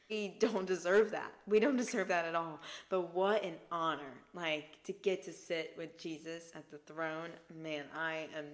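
A young woman hosting a faith podcast, teaching scripture in an earnest, emphatic way and dropping to a soft hush for key points. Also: fairly low pitch, steady tone, a little slow, few pauses. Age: young adult. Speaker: podcast host.

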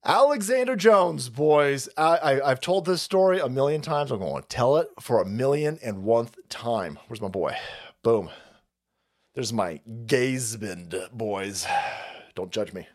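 A man hosting a livestream, ranting about politics in a profane, animated way with frequent laughter. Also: mid-range voice, a little slow. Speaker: livestream host.

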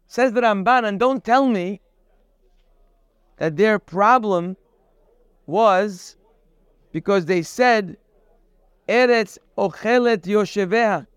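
Man teaching a Torah class, high voice, slow and deliberate, quotes and translates verses, acts out quoted speech. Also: smooth, no room sound, studio quality. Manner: explains step by step, quoting and translating Hebrew verses; acts out quoted speech with sudden raised emphasis. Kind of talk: lecture-style Torah class.

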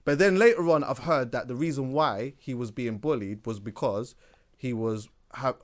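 A man co-hosting a casual podcast chat, talking in an animated, insistent way and often repeating himself. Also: mid-range voice, moderate pace. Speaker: podcast co-host.

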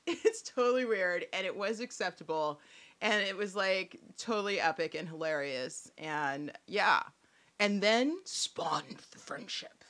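A woman's voice: mid-range voice, a little slow, fairly bright tone. A woman chatting as a podcast guest, rambling and giggly, often laughing and joking. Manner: giggly, rambling, jokes freely. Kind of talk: casual chat.

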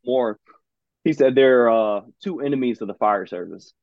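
A man's voice: medium pitch, moderate pace, no echo. A man hosting a casual podcast conversation, enthusiastic and saying "man" often. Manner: enthusiastic, says "man" a lot. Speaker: podcast host. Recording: dry, tinny phone-like line.

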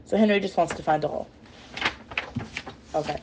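A woman's voice: sits low, normal speed, darkish tone, slightly rough. A woman casually retelling chapters of a novel in a rambling way, full of fillers and self-corrections. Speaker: storyteller.

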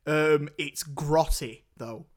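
A man's voice: on the high side, takes it slowly. A young man hosting a podcast in casual, rambling chat. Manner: rambling, chatty, laughs while retelling scenes. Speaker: podcast host.

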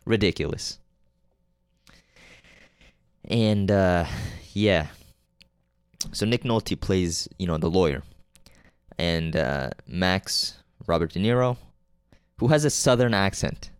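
A low-voiced man talks loosely through a movie plot on his podcast, stopping and restarting, swearing freely and forgetting names as he goes. His voice is smooth and clean, and the recording is dry and close with no room sound. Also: slow, pauses often, dry recording. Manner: rambling and loose, with many fillers, restarts and frequent swearing; offhand and unpolished, losing names mid-sentence. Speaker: podcast host reviewing movies. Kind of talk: casual solo movie recap.

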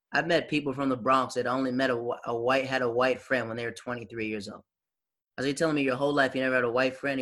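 A man in his thirties from the American South, chatting casually and telling animated stories. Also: mid-range voice. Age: 30s. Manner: animated storyteller, acts out quoted voices. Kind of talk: casual chat.

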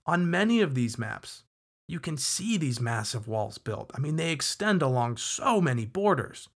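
A man's voice: a little high, fairly bright tone. Man, podcast host, casual history narration, emphatic, conversational asides.

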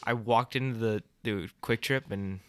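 A man's voice: on the low side, a little slow, a crowd in the background. A young man hosting a podcast in casual banter. He jokes, swears freely and playfully defends himself. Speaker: podcast host.

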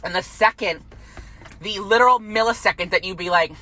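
Bright-voiced young woman ranting angrily. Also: mid-range voice, fairly quick, low-quality recording. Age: 20s. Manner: heated, repetitive, swearing freely. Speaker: vlogger. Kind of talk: angry profane rant to camera.

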